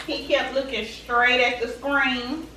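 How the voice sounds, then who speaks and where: A woman vlogger telling a story straight to her viewers in a chatty, animated way. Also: high-pitched, distant mic, a little hiss or hum. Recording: echoey room, away from the mic.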